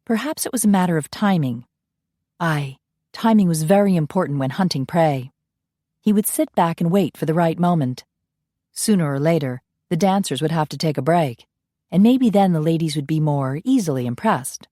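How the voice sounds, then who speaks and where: A woman narrating an audiobook in an even storytelling read. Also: low-pitched, normal speed, dry recording, studio quality. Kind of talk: scripted narration.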